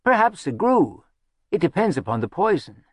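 A man's voice: high voice, sing-song, dry recording, studio quality, pitched above the performer's own voice. A man voicing a sardonic woman who speaks darkly and mockingly, telling old lore in a storybook reading. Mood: wry. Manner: brooding, mocking, drawn-out. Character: dark-spoken sardonic woman, lore-teller.

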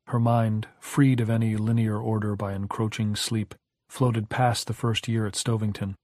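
Male audiobook narrator, measured reading, low-ish voice, dry close recording. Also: no echo. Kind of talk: scripted narration.

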